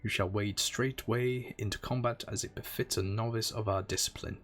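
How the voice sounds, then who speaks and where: Dude reading a stern axe guild master, formal and declaiming, game text read aloud. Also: male voice, lowish voice, steady tone, moderate pace, fairly bright tone, close to an everyday voice. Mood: grandiose.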